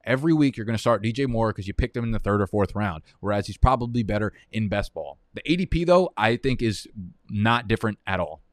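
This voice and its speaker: A man's voice: fairly low pitch, animated, quick pace, dry recording, studio quality. A young man streaming live, rambling through fantasy football draft picks in profane, heated rants. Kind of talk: casual live-stream commentary while drafting.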